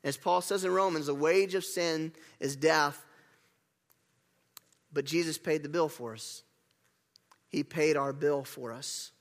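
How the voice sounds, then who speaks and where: A man preaching a sermon as pastor, animated and emphatic, with casual asides to the congregation. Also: fairly high pitch, slow, long pauses. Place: church sanctuary. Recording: long hall reverb.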